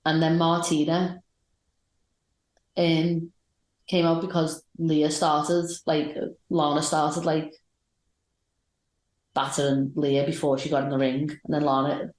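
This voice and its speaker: Woman, low voice, enthusiastic rambling podcast chat, echoey room. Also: level tone, slow pace, long pauses, a little mellow. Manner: rambling, enthusiastic match recaps. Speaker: podcast co-host. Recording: roomy echoey sound.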